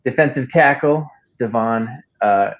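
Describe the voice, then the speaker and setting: A man's voice: medium pitch, unhurried. A man hosting a casual sports chat, easygoing and hesitant, often trailing off. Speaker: show host. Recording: dull lo-fi audio.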